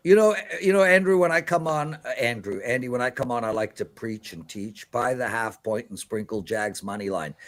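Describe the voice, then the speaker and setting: A man's voice: medium pitch, moderate pace, hardly any pauses. A man giving emphatic, preachy sports betting picks on a live show.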